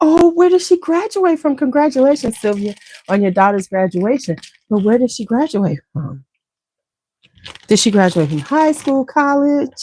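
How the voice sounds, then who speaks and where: Chatty woman, husky voice. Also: high voice, big pitch swings, moderate pace, warm tone. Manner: chatty, scattered, greets viewers by name. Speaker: beauty channel host. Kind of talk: casual chat with live viewers.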